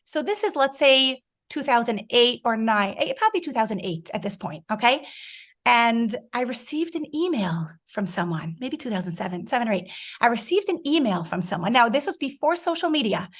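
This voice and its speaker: Animated woman telling a story on a call. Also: a little high. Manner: animated storyteller, acts out her own past words. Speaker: guest speaker. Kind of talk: personal story told to an online group. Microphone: video call.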